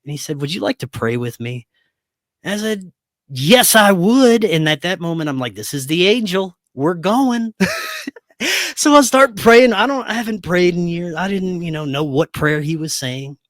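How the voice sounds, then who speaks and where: A man's voice: fairly high pitch, normal speed, no room sound, studio quality. A man telling a personal story as a podcast guest, acting out the voices of people in it and laughing often. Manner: animated storyteller who acts out dialogue, laughs often. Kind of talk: storytelling in a casual interview.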